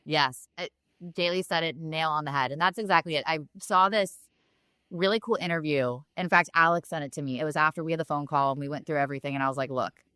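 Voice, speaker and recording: A woman's voice: deep voice, fast, clear, resonant tone, no echo, studio quality. Frank, swearing woman co-host. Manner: frank, animated, swears freely. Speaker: podcast co-host. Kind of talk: casual chat. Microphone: remote recording.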